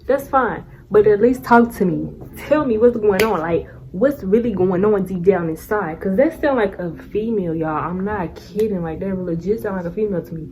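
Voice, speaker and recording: A woman's voice: medium pitch, darkish tone, slight background noise. A young woman vlogging casually, telling a story in a blunt, sassy way and laughing often.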